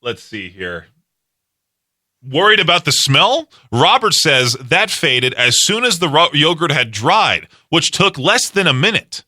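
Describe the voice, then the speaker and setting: A man's voice: on the high side, very animated, measured pace, sharp tone, dry recording, studio quality. A man hosting a radio show, bantering casually with a co-host, teasing and laughing often. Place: radio studio.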